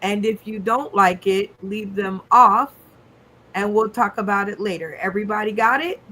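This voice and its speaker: A woman's voice: medium pitch, moderate pace, sharp tone, a little hiss or hum. A woman hosting an online comedy game show, upbeat, giving the players instructions with plenty of fillers.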